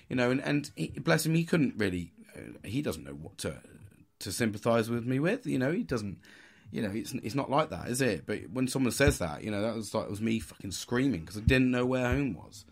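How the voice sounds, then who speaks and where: Sweary bloke telling stories. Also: male voice, medium pitch, big pitch swings, brisk, gravelly. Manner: swears a lot, puts on mock posh voices. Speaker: podcast host. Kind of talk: casual storytelling.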